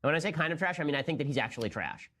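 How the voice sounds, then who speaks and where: A man's voice: on the high side, expressive, rapid-fire, fairly bright tone. A young man hosting a commentary show, talking in a sarcastic, incredulous way as he reacts to clips. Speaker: political commentator host. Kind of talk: rapid-fire sarcastic commentary.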